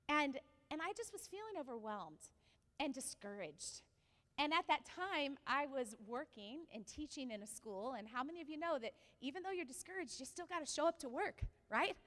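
A woman pastor preaching a sermon, telling a personal story with animated delivery and asking the congregation questions. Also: high voice, in a large hall.

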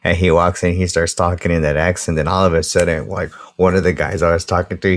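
A man's voice: low voice, flat delivery, quick pace, few pauses. A man casually telling a story from his school days, meandering and swearing and laughing at himself.

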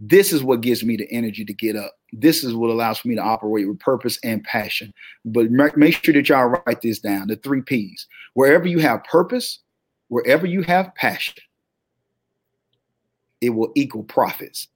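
A man with a heavy Southern drawl, a podcast guest speaking in an energetic, motivational, preacher-like cadence. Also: medium pitch, moderate pace, breathy edge. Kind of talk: motivational interview talk.

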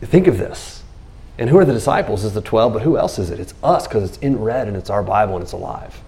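Gravelly-voiced animated preaching man. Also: fairly low pitch, brisk. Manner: animated preaching, acts out biblical scenes in quotes. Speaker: pastor. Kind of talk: sermon.

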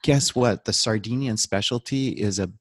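A man's voice: on the low side, moderate pace, no room sound, studio quality. A man telling stories as a guest on a podcast, joking and animatedly acting out quotes. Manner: animated storyteller, jokes and laughs, acts out quotes. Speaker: podcast guest, documentary filmmaker. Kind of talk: casual storytelling interview.

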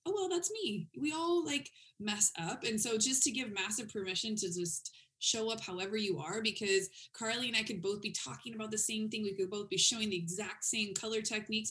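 A woman in her thirties hosting a podcast, talking casually and quickly with many fillers. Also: medium pitch, fairly bright tone. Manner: chatty, fast, lots of "like" and "you know". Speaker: podcast host. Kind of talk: casual interview chat.

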